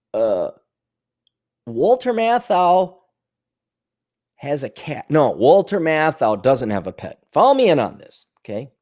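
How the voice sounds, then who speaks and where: A man's voice: a little high, a little mellow. A middle-aged man from Minnesota hosting a podcast, ranting casually, swearing and mocking with sarcastic impressions. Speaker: podcast host. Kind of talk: casual monologue.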